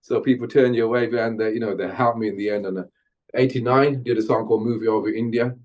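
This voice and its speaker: A middle-aged man from Birmingham, England, guesting on an interview podcast and telling stories from his music career in an animated way. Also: medium pitch, quick pace. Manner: animated storyteller, slips into Jamaican-style patois when chanting. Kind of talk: storytelling interview.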